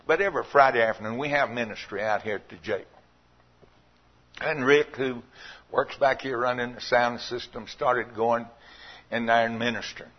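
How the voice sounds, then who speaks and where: Husky preacher, folksy and emphatic. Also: male voice, mid-range voice, steady tone, moderate pace, lo-fi sound. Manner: folksy storytelling, swelling to loud emphatic preaching. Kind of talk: sermon.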